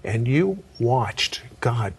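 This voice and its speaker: A man hosting an interview, asking probing questions in an animated way. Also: mid-range voice, drawn-out words, vocal fry, a little hiss or hum. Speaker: interview host.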